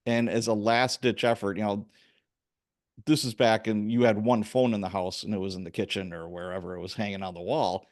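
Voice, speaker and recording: A man hosting a podcast, chatting casually and telling a personal story with lively acted-out quotes. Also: fairly low pitch, fairly quick. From Chicago area. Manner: animated storyteller, acts out quoted voices. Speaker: podcast host. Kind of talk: casual interview conversation.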